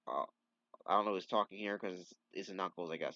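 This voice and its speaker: A man's voice: deep voice, brisk, bright, forceful tone, no echo. A man casually reading a comic aloud and breaking off for joking, profane asides. The recording is dull and lo-fi. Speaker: comic book reader.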